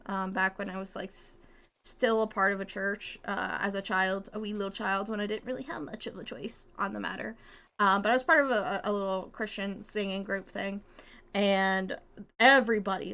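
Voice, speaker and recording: A woman's voice: medium pitch, a bit bright. A young woman with a Southern US accent chatting while streaming a game, rambling, swearing often and laughing at herself. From southern United States. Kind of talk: casual gaming stream chat.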